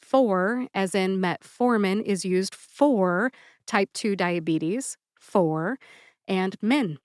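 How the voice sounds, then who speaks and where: A woman hosting a pharmacist's podcast, speaking deliberately and spelling out syllables in a scripted educational style. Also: mid-range voice, darkish tone, smooth, no room sound, clean studio sound. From United States.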